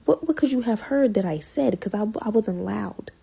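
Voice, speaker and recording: Woman, casual storytime host, husky gravelly voice, mellow tone, slangy and expressive. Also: mid-range voice, normal speed. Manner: expressive, slangy, swings loud and quiet. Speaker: podcast host telling a story.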